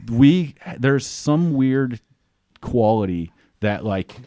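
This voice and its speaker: A man's voice: mid-range voice, lively intonation, takes it slowly, warm tone, dry recording, clean studio sound. A man from the Chicago area, a podcast guest, telling rambling stories in casual, profane chat. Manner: rambling, profane, acts out quoted voices.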